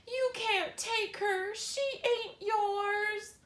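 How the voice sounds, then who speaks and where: A woman voicing an anguished young boy who shouts and cries at his father in an audiobook. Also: fairly even intonation, very slow, reverberant, full character voice. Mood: anguished shouting. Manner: shouting and crying, high and strained. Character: anguished young boy, fiercely protective brother. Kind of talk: audiobook character voice.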